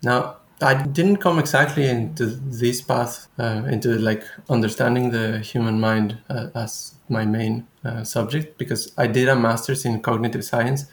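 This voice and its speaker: A young man speaking as a guest researcher in a casual conversation, thoughtful and halting, often restarting his sentences. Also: mid-range voice, fairly even intonation, reverberant.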